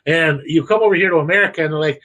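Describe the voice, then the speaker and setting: Animated, crude-talking man. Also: on the high side, racing, low-quality recording. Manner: crude, rambling and animated, with vivid slang. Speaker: podcast co-host. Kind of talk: casual chat.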